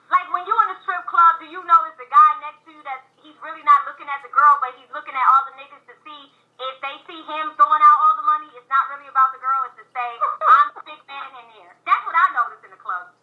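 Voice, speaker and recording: A woman's voice: sits high, quick pace, hardly any pauses. A woman from Los Angeles hosting a radio show, chatty and blunt in casual talk. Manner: chatty, blunt, laughs often. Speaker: radio host. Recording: phone-like radio line.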